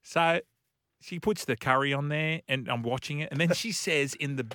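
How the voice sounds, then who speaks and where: A man co-hosting a radio show, telling stories with animated energy and frequent laughter. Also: fairly high pitch, normal speed. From Australia. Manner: animated storyteller, laughs often. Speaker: radio co-host, former player. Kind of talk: casual radio banter, storytelling.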